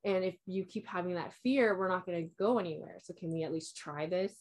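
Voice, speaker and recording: A woman's voice: fairly low pitch, a little fast, darkish tone. A young woman in casual chat, telling a long personal story in a rambling way, filling it with "like" and quoting herself and others.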